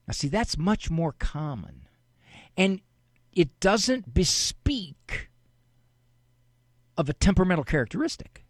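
A middle-aged man hosting a radio advice show, talking in a casual, animated, folksy way. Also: a little high, dry recording, studio quality. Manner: animated, folksy, acts out parents' quotes. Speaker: radio show host and psychologist.

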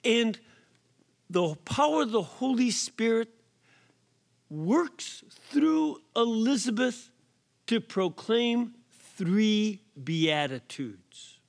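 A man preaching as a priest, his voice unusually high for a man. He talks at a slow, unhurried pace, punching single words with sudden rises in volume. At times he drops to a soft whisper for effect. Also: sing-song. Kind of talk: sermon. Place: prison chapel or hall.

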